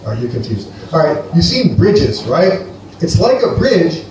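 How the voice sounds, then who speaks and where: A man from Greece doing a rambling, deadpan stand-up set for a live audience at a comedy venue. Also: a little high, unhurried, recorded from a distance, slight background noise. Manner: rambling, deadpan, playful with the crowd. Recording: echoey live room, heard from afar.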